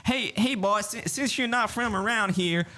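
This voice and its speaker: A man's voice: sits high, normal speed, pushed and bright, voice pushed up. An Englishman putting on a Texan accent to voice a rude, nosy local man who needles a stranger. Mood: needling.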